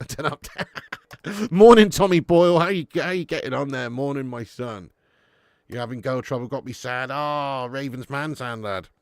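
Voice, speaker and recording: An excitable man doing live fan commentary on a football match, swearing freely and chatting to viewers between plays. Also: medium pitch, dry recording, clean studio sound. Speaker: fan watch-along commentator.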